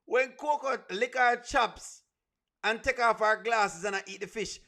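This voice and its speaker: A man's voice: extremely high pitch, unhurried, bright, forceful tone. A Jamaican man hosting a comedic reaction video, repeating himself and breaking into laughter as he talks. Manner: repetitive, keeps breaking into laughter.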